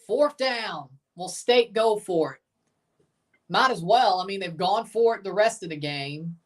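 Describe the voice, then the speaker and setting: A woman hosting a live game watchalong, giving chatty, blunt reaction commentary and bursting into excited cheers. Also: mid-range voice, unhurried, recorded from a distance. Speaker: livestream watchalong host.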